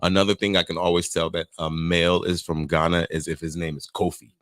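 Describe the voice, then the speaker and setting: A man's voice: sits low, level tone, fairly bright tone, dry recording. A man from Nigeria co-hosting a casual podcast chat, joking and laughing as he tells stories. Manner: joking, quick to laugh, playful storyteller. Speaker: podcast co-host.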